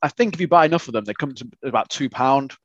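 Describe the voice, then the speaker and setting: A man's voice: mid-range voice, quick pace, fairly bright tone, muffled recording. A young British man in a casual chat, blunt and opinionated as he reviews food with a co-host. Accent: British English.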